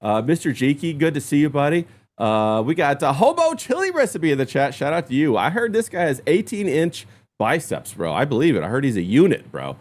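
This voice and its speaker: A man hosting a casual livestream talk show, upbeat, giving shout-outs to chat. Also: a little high, very animated, brisk. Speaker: host.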